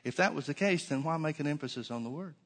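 A man's voice: fairly high pitch, quick pace, a bit bright. Guy preaching a sermon, keeps asking questions and repeating himself, long echoey hall reverb. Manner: emphatic, repeats key phrases, rhetorical questions.

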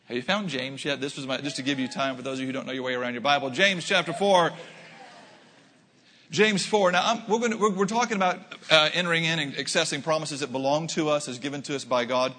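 An American man preaching a sermon in a church, telling stories with quick asides and animated delivery. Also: on the high side, big-room sound, slight background noise. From United States. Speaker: pastor.

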